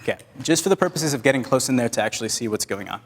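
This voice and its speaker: Very fast and animated, this medium-pitched man teaches photography at a live workshop, bantering with the crowd and giving directions to his assistants mid-shoot. Hall reverb and faint noise are audible.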